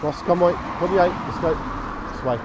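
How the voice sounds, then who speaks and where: A man's voice: sits high, normal speed. An English man vlogging casually while walking his dog, chatty and matter-of-fact. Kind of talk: casual walking vlog narration. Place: outdoors, park, canal path and high street. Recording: outdoor street noise behind.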